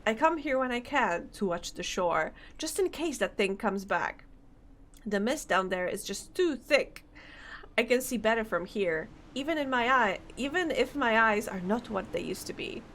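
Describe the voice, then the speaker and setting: A woman reading game dialogue aloud, voicing a gruff, superstitious old fisherman who boasts in a rustic dialect. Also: a little high, expressive, moderate pace, a bit bright, a little hiss or hum. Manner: rustic dialect, dropping grammar.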